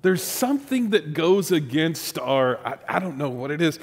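A man's voice: a little high, very animated, normal speed, long reverb tail. A man from the United States preaching a sermon, conversational and joking, teasing his congregation. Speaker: pastor.

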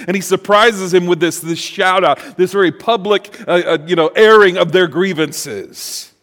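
A man's voice: high-pitched, moderate pace, hardly any pauses, fairly bright tone. A man preaching a sermon as pastor, reading scripture and then talking with playful asides to the congregation. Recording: long hall reverb.

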